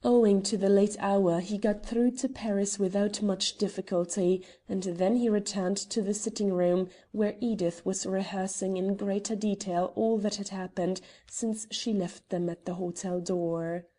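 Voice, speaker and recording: A woman narrating a classic mystery novel in an even, measured reading voice. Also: mid-range voice. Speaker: audiobook narrator. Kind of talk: audiobook narration.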